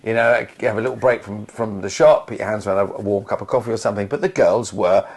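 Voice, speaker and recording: A man co-hosting a casual podcast, telling anecdotes in an animated way with frequent restarts. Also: lowish voice, fast talker. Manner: animated storyteller, many restarts. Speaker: podcast co-host, actor.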